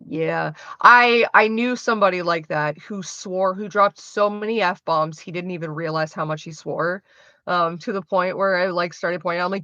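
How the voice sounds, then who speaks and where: A woman's voice: on the low side, normal speed, bright, forceful tone, no echo, dull audio. A woman livestreaming, answering her chat in a frank, chatty way and swearing freely. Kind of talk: casual chat.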